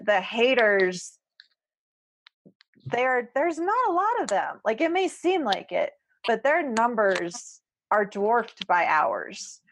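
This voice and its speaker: A woman's voice: mid-range voice, slight background noise, rough recording. A woman co-hosting a podcast roundtable, speaking earnestly and close to tears, often repeating words. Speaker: podcast co-host. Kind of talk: emotional roundtable chat.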